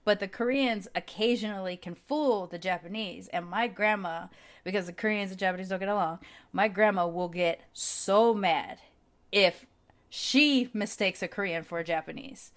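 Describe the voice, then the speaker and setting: A woman with an American accent, a podcast guest telling stories in a lively, chatty manner. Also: medium pitch, normal speed. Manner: animated storyteller with frequent laughter. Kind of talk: casual chat.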